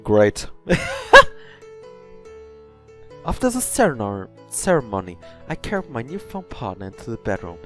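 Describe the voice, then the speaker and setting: A man reading a fan story aloud in first person, softly and with small slips and self-corrections. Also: medium pitch, wildly swooping pitch, fast, hardly any pauses, soft background music. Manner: soft, hesitant narration with slips. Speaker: story reader.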